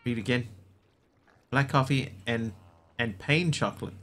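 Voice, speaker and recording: Man, gameplay streamer, bright tense voice, rambling jokey chat. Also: mid-range voice, measured pace. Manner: rambling, jokey, mock-pretentious pronunciations. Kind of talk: casual gameplay commentary.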